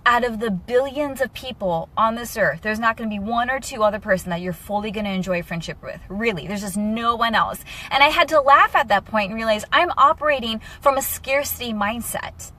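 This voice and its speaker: A woman's voice: fairly high pitch, fairly quick, few pauses. A young woman talking candidly and emotionally to camera in a personal vlog. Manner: candid and emotional, lively asides. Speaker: vlogger.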